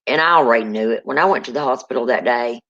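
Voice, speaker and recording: A woman's voice: very deep voice, quick pace, fairly bright tone. Woman, folksy rambling storyteller, casual chat, muffled lo-fi audio. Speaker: guest telling ghost stories.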